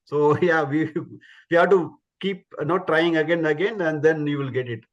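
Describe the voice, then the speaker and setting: A man's voice: fairly high pitch, moderate pace, highs cut off. A man teaching Sanskrit pronunciation in an online class, patiently repeating sounds as demonstrations.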